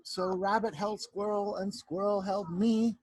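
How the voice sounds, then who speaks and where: A male teacher reading a picture book aloud to young children over a video call from home, narrating in an animated way and checking in with them. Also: high voice, a little slow, no echo. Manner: warm, animated storyteller who keeps checking in with the children.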